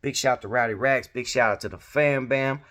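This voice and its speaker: A man's voice: mid-range voice, a little fast, a bit bright. A man hosting a casual commentary vlog, talking in laid-back street slang with many fillers. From Georgia. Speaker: vlog host giving commentary.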